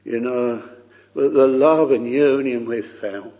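Slow pleading preacher guy, lots of oh's, dull old recording in a big echoey hall. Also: mid-range voice, warm tone. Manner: earnest, pleading, repeats phrases with many "oh"s. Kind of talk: sermon.

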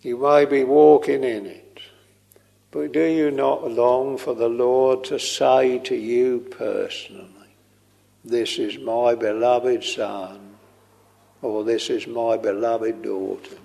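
A man preaching a slow, earnest sermon, tender and pleading as he quotes hymns. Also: medium pitch, steady tone, creaky, warm tone. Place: church. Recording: long reverb of a large hall.

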